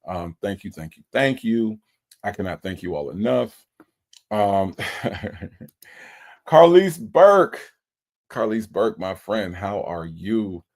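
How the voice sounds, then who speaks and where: A man's voice: low-pitched, slow, pauses often, darkish tone. A man hosting a livestream, emotional and repeating his thanks to viewers again and again. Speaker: livestream host. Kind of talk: casual livestream shout-outs.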